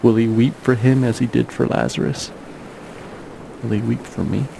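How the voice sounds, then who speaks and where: A man narrating as a father, reflective and searching, asking quiet questions. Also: mid-range voice, fairly even intonation, moderate pace, creaky, a little hiss or hum. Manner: questioning, searching, soft-spoken. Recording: music under the voice.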